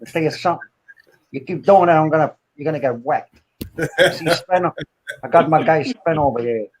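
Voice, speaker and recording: Guy doing a cocky new york mobster voice, tough talk, kinda high. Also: a little fast, a little mellow, a little hiss or hum, lightly acted. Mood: threatening. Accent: New York put-on. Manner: tough, boastful, threatening in jest.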